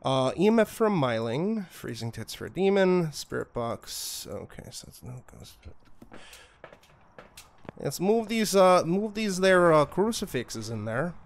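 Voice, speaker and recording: Foul-mouthed streamer, slightly high voice. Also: male voice, big pitch swings, a little slow. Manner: profane, trash-talks the ghost; jokey, talks to himself and chat. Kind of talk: live-stream gameplay commentary.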